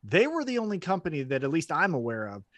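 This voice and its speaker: A man's voice: a little high, quick pace, no room sound. A man co-hosting a wrestling podcast in casual chat, blunt and swearing freely as he tells stories. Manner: blunt, swears, animated storytelling.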